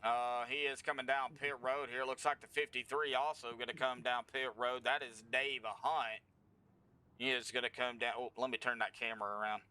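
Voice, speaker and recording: A man's voice: medium pitch, level tone, normal speed, bright, forceful tone, smooth. A man giving casual, folksy sim racing commentary. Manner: casual, folksy, breaks into laughter. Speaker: race commentator.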